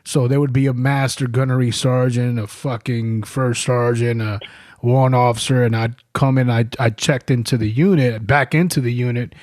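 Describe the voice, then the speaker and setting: A man's voice: medium pitch, steady tone, moderate pace, a little mellow, no room sound, clean studio sound. A man, a military veteran guest on a podcast, telling his stories in a blunt, profane and emphatic way. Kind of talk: casual podcast chat. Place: studio.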